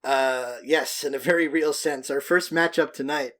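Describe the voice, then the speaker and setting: A man's voice: mid-range voice, steady tone, moderate pace, fairly bright tone. A man co-hosting a movie podcast in casual, joking chat, swearing freely. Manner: joking, profane, loose. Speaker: podcast co-host.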